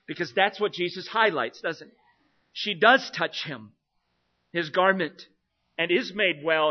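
A man preaching an expository sermon, earnest, swinging between emphatic passages and quiet ones. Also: high-pitched. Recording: dull lo-fi sound.

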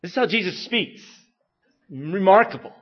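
A man preaching a sermon with animated delivery and rhetorical questions, moving between loud emphasis and hushed, intense lines. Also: high voice, normal speed. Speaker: pastor. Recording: dull lo-fi recording.

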